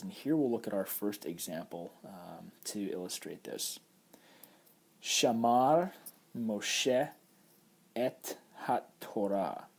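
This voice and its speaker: Husky man teaching a language lesson. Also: lowish voice, mellow. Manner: patient, explanatory, with frequent fillers and restarts. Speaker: Hebrew teacher. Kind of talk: recorded lecture over slides.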